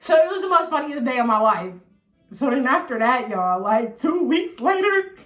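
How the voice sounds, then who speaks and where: A woman in her twenties, a vlogger telling a personal story in a chatty, animated way, swearing freely and talking straight to her viewers. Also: fairly high pitch, normal speed, soft background music. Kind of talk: casual storytelling to the camera. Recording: echoey room.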